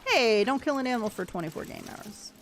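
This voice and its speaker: A woman's voice: on the high side, expressive, quick pace, a little hiss or hum. An American woman talks her way through a game livestream in a loose, chatty voice. She answers chat as she plays and keeps up an easy running commentary on the game. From United States. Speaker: game streamer.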